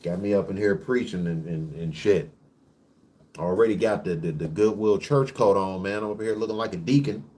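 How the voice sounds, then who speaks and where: A man's voice: low-pitched, darkish tone. Profane, preachy man ranting on camera. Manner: rapid bursts with frequent restarts. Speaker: vlog host. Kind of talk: casual monologue rant.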